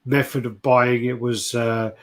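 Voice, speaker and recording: A man's voice: mid-range voice, flat delivery, unhurried, a bit bright. A man casually telling an anecdote, swearing freely and acting out the voices of the people in it. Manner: swears often, acts out quoted voices. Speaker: show co-host. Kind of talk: casual storytelling chat.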